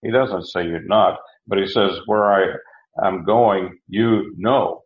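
A man's voice: low-pitched, steady tone, slow pace. A man preaching a Bible lesson in a plain, folksy way, stopping to correct himself and to explain Greek verb forms. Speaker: preacher teaching scripture. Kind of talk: Bible teaching sermon. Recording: dull roomy recording.

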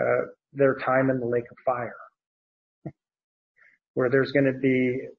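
A man teaching through a Bible passage verse by verse, pausing on word meanings, with frequent fillers and restarts. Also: medium pitch, lo-fi sound.

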